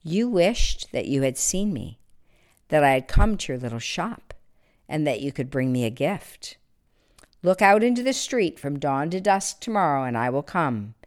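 A woman doing a hushed, gentle holy visitor. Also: deep voice, very animated. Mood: solemn. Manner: soft, slow and hushed.

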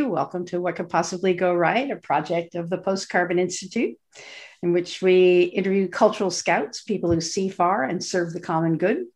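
A middle-aged woman with a fairly low voice introduces a podcast guest. She speaks earnestly and searches for her words, with fillers and restarts along the way. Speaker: podcast host.

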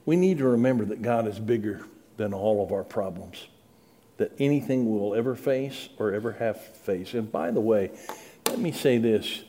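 A man's voice: fairly low pitch, normal speed. Earnest middle-aged preacher man. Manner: earnest, pleading, rises to loud dramatic peaks. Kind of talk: sermon.

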